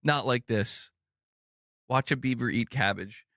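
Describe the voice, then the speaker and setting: A man's voice: medium pitch, unhurried, bright, forceful tone, dry recording, clean studio sound. A man ranting on his live stream, exasperated and swearing a lot. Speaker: gaming news streamer.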